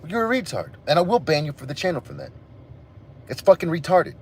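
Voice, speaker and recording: A man rants hotly at his livestream chat, cursing freely as his pitch leaps up and down. His voice sits a little high for a man. A faint hiss of noise runs underneath. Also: huge pitch swings, brisk. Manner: profane, heated, ranting. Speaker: livestream host. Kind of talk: angry livestream rant to chat.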